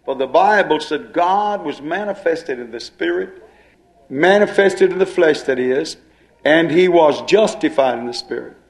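A man's voice: on the high side, expressive, measured pace. A male preacher delivering a sermon, dwelling on and repeating key phrases as he explains scripture.

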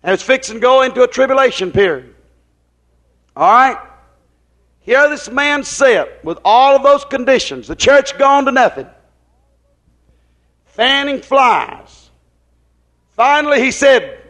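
A male preacher with a strikingly high-pitched voice delivers a rambling, folksy sermon. He keeps asking his listeners whether they understand him and slips into retold conversations. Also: animated, measured pace, long pauses, a bit bright. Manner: folksy, rambling, drops into quoted dialogue; questions the congregation often.

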